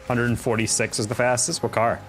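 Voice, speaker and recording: A man's voice: mid-range voice, flat delivery, brisk, fairly bright tone, soft background music. A young man chatting casually on a live game stream, rambling and reacting to chat while he plays.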